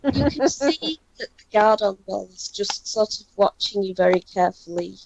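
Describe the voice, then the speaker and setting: A woman narrating a tabletop game as game master, halting and full of fillers. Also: mid-range voice, animated, vocal fry, slight background noise. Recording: dull lo-fi sound.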